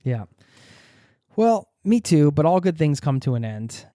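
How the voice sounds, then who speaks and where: A man's voice: a little high, sing-song, measured pace, dark tone, no echo, clean studio sound. A man hosting a podcast in casual chat, playfully teasing his co-host and laughing often.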